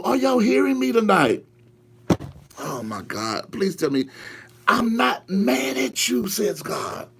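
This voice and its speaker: A man's voice: high-pitched, gravelly, husky. A man preaching a live online prophetic sermon, fervent and repetitive, urging listeners to say the words back to him. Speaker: pastor.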